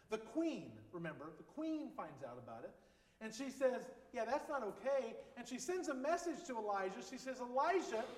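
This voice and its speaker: Man, pastor, high-pitched voice, casual conversational sermon, long reverb, roomy sanctuary. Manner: conversational, joking asides. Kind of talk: informal sermon. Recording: echoey hall with long reverb.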